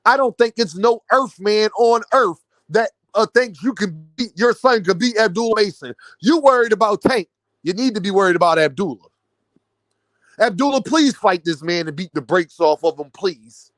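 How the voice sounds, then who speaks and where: A man's voice: high voice, expressive, moderate pace, a bit bright, no echo. A man ranting about boxing to his viewers, mocking and incredulous. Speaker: boxing commentary vlogger. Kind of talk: animated boxing rant.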